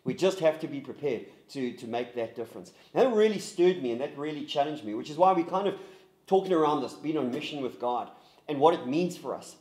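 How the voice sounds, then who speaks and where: Pastor guy, earnest, keeps restarting, bit high voice, echoey room. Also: expressive, a little mellow. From South Africa. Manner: earnest, halting with many restarts. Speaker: pastor leading a discussion. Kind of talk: recorded group discussion guide.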